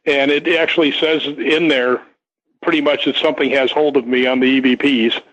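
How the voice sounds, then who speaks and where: A man's voice: mid-range voice, fairly even intonation, a little fast, fairly bright tone. An older man, a guest on a radio talk show, telling a long story in a rambling way with many restarts and repeated words. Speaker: guest, stunt performer. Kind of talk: casual radio interview storytelling. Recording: dull lo-fi radio sound.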